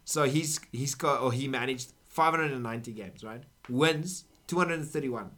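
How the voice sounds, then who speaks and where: A man's voice: mid-range voice, moderate pace, fairly bright tone. A man co-hosting a casual football podcast, joking, laughing often and reading off numbers. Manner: laughing, joking, rattles off stats. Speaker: podcast co-host.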